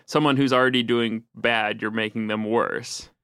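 A man's voice: fairly low pitch, fairly even intonation, normal speed, fairly bright tone, clear, resonant tone, dry recording, clean studio sound. A man in a casual panel discussion who laughs often and swears freely.

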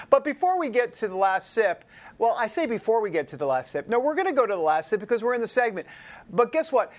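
A man hosting a political talk show, chatty with joking asides. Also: high voice.

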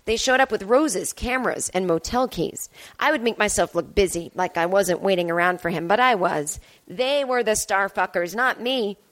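A woman's voice: medium pitch, normal speed, a bit bright. A woman in her fifties hosting a podcast, telling a candid, wry personal story in a monologue from home. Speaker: podcast host.

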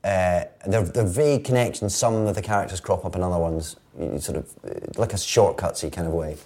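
A man's voice: deep voice, brisk, warm tone. A man talking as a guest in a casual interview, wry and amused. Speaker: actor guest.

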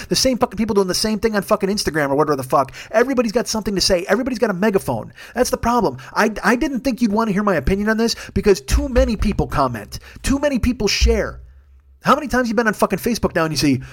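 A man in his forties rants like a stand-up comic, his voice sitting a bit high for a man. He tears through his points at a rapid clip, swearing freely and punching certain lines harder than others. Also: animated. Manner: profane, fast ranting with bursts of raised intensity. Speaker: comedian podcast host. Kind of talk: solo comedic rant.

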